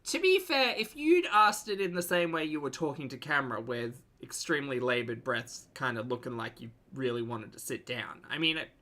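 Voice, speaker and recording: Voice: mid-range voice, big pitch swings, a little fast, few pauses, pushed and bright. A reaction commentator making sarcastic, teasing asides about a vlog.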